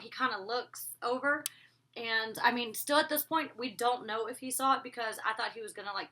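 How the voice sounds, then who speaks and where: A woman's voice: on the high side, pushed and bright. A woman reviewing a TV episode in a casual vlog, rambling and chatty with many asides. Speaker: TV show reviewer.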